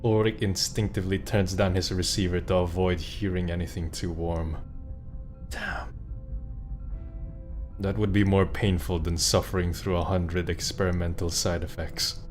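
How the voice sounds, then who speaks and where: Man streaming a game, excitable and profane. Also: low voice, normal speed, soft background music. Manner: excitable, swears, laughs, reads game text aloud. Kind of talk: let's-play commentary.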